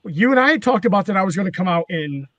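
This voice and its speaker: A man's voice: sits high, lively intonation, quick pace, fairly bright tone, dry recording, muffled recording. A man, a former wrestling manager, telling rambling, profane stories in casual chat. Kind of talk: casual storytelling.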